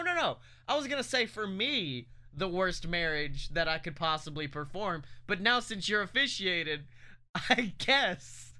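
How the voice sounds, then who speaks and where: This podcast co-host has a high-pitched, pushed and bright voice with a clear, resonant tone. In casual banter he rambles through a merch plug and various stories, full of laughs and self-deprecating asides.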